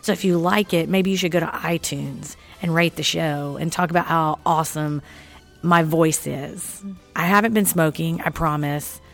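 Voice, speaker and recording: A woman with a Texan accent hosting a podcast, chatting casually in a hoarse, croaky voice from a cold. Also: deep voice, moderate pace, a bit bright, faint music behind. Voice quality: froggy, croaky. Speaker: podcast host. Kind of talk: casual chat.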